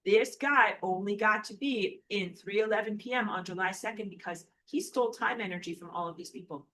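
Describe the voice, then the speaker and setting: A woman with a bright, forward voice teaches at a whiteboard in a loose, conversational way. She sketches as she talks, jokes, thinks aloud and corrects herself mid-sentence. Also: medium pitch, a little fast. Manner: chatty and playful, thinks aloud, self-corrects. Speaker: spiritual teacher. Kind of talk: casual whiteboard lecture while drawing.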